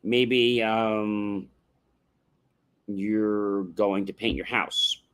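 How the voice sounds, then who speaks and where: A man's voice: on the low side, fairly even intonation, very slow, a bit bright, smooth. A man hosting a motivational livestream, explaining things in an instructive way and often asking "right?" as he goes. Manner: instructive, contrasts yes-no questions with open ones; rhetorical, often adds "right?". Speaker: livestream host. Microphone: livestream microphone.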